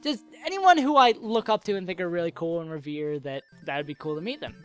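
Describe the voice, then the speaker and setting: A man's voice: sits high, lively intonation, fast, fairly bright tone, clear, resonant tone, soft background music. A young man answering viewer questions in a casual, joking, rambling way while playing a game, coming down with a cold and a sore throat. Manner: rambling, joking, self-interrupting.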